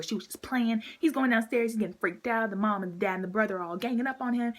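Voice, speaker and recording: A woman's voice: mid-range voice, very fast, few pauses. A woman vlogger giving a casual movie recap, full of "like" and "um", acting out what people say. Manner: chatty, fillers like "like" and "um", acts out quotes.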